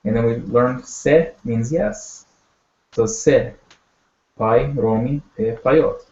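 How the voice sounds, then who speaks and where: A man teaching a language lesson, taking his time and talking it through with lots of ums and pauses. His voice is mellow and a little dark. The sound is dull and bounces around an echoey room. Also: medium pitch. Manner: patient, step-by-step explaining with many fillers.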